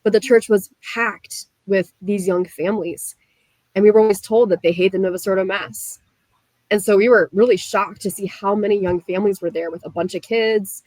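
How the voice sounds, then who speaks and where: A young woman from the US Midwest telling her story as a guest, animated and full of "like" fillers. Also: medium pitch, moderate pace, no echo, low-quality recording. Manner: animated, frequent "like" fillers, laughs while telling. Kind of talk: casual storytelling.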